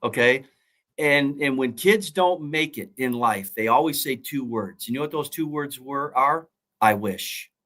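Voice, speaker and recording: A man's voice: medium pitch, unhurried, a bit bright. A middle-aged man, a football coach, telling his story in an earnest, preaching way and repeating key phrases. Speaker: college football coach and former pro player. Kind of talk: motivational interview talk.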